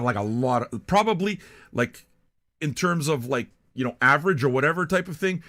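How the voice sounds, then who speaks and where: A man's voice: mid-range voice, fairly bright tone. An older man from Canada, hosting a music reaction show in a blunt, profane, rambling monologue.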